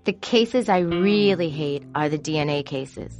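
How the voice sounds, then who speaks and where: Candid woman with a low voice. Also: a little slow, music in the background. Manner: candid, confessional, animated when quoting herself. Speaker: court show producer. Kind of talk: personal storytelling.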